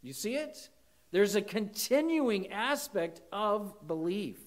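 A man's voice: sing-song, slow pace. A man preaching a sermon, earnest, reading scripture aloud and rising for emphasis. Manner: earnest, rises in pitch and volume for emphasis.

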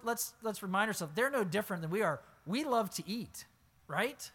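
A man preaching a sermon as pastor, reading scripture aloud and then explaining it, swinging from low asides to loud emphatic exclamations. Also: expressive, normal speed, slightly rough. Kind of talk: expository sermon.

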